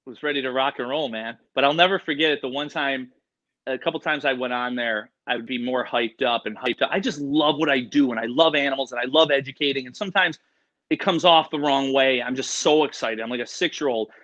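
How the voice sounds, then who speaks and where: A middle-aged man, a guest animal expert, telling stories in an excitable, rambling way full of fillers and quoted voices. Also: mid-range voice, fairly quick. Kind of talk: excited storytelling in casual interview. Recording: dull lo-fi sound.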